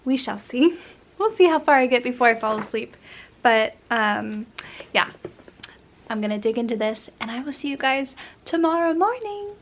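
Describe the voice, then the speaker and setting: A woman with a slightly high voice talks softly and cozily to her viewers, sometimes slipping into a whisper. It's a casual lifestyle vlog. Faint traffic hum sits behind her. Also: animated, moderate pace, poor audio. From Portland area, United States. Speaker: vlogger.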